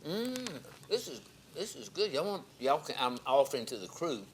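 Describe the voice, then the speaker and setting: This man's fairly high, sing-song voice moves at a moderate pace, with slight background noise. A pastor and TV host, he tastes dishes in a studio kitchen while chatting, joking and exclaiming with exuberance.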